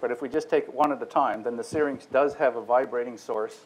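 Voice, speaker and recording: The lecturer talks briskly at medium pitch, the recording quality poor. Working through his technical topic one step at a time in a lecture room, he voices vowel sounds himself as examples.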